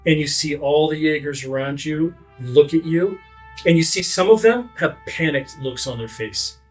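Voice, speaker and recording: A man's voice: on the high side, normal speed, soft background music. A man narrating vividly as game master of a tabletop game. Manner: vivid, energetic narration with frequent fillers.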